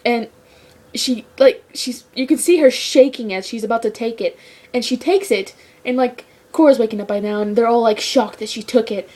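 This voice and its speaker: A woman giving a casual episode review, rambling and excitable, with lots of "like" fillers. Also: fairly high pitch, normal speed. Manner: rambling, excitable fan talk with many "like" fillers. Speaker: show reviewer.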